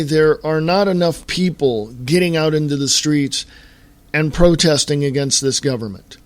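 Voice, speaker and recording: A man hosting his own podcast, ranting about the news in an exasperated, drawn-out way and sighing now and then. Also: on the high side, no room sound. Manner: exasperated ranting, drawn-out deliberate delivery with sighs. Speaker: podcast host. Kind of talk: opinionated solo podcast commentary.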